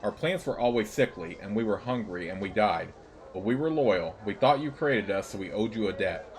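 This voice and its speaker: A bitter old servile woman who leads a rebellion, as a man reading a game puts her on, her words slow, clipped and broken. The voice sits low and even, with faint noise underneath. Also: natural voice. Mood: grim. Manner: slow, halting, broken phrasing.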